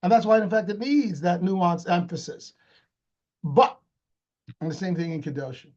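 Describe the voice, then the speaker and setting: A man, a rabbi, giving an explanatory Torah lecture. He talks in an animated way, asks rhetorical questions and repeats words as he restarts. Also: sits high, normal speed, highs cut off.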